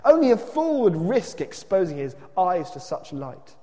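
A man voicing frightened cave dwellers who cry out in a high, loud voice. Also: very animated, a little slow, big-room sound. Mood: fearful, shrill.

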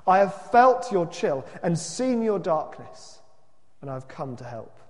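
A man voicing a calm, gentle male stranger who brings light, speaking softly, slowly and reassuringly. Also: sits high, big-room sound.

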